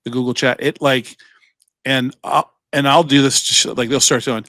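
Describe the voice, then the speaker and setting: Guy on a podcast just rambling thru stories, mid pitch, doing little voices for people, dead dry sound. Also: normal speed, fairly bright tone, no echo. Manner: rambling storyteller, acts out quoted voices, swears, laughs often. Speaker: podcast co-host. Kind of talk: casual chat.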